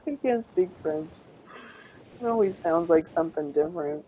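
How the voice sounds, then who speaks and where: A woman's voice: lowish voice, animated, moderate pace, dark tone, slight background noise, low-quality recording. A middle-aged woman hosting a casual live stream, rambling and chatty, often laughing and trying out French words. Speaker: livestream host.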